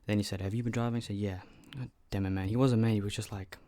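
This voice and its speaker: A man's voice: lowish voice, steady tone, fast, warm tone, dry recording. An eighteen-year-old man telling a story on his vlog, chatty and loose, with frequent swearing. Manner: loose, profane, chatty retelling. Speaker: vlogger.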